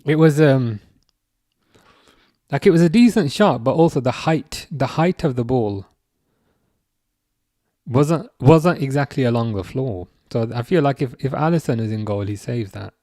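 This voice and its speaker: A man's voice: medium pitch, expressive, measured pace, long pauses, dark tone, no room sound, studio quality. A young man hosting a live stream, reading viewer chat aloud and answering in a chatty, self-correcting way. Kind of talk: casual live chat commentary.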